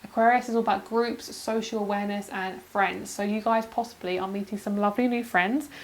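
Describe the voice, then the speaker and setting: Female tarot vlogger, mid-pitched, emotional and gushing, casual swearing, laughs a lot, talks to viewers as friends. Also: fairly even intonation, fairly quick, rough recording. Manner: calls viewers girl and you guys. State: emotional, near tears. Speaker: tarot card reader. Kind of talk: pick-a-card tarot reading to camera.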